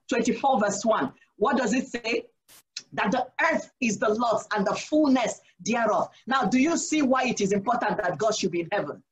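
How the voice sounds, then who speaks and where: Lady deaconess teaching bible study, kinda high voice, asks the room stuff then answers it herself, says praise the lord a lot. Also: poor audio. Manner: asks rhetorical questions and answers them herself; earnest, exhorting, sprinkles in "Praise the Lord".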